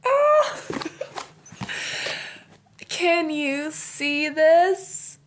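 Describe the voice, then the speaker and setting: A woman's voice: on the high side, takes it slowly, a bit bright. A young woman unboxing beauty products in a vlog, gushing and giggling, with plenty of fillers. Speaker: beauty vlogger.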